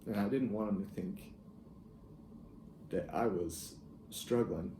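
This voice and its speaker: Young man recounting a family memory; low, warm, hesitant delivery in a roomy space. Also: a little hiss or hum. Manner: reflective, halting, with soft laughs. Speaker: grandson telling a family story. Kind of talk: casual personal storytelling. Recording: echoey room with faint ambience.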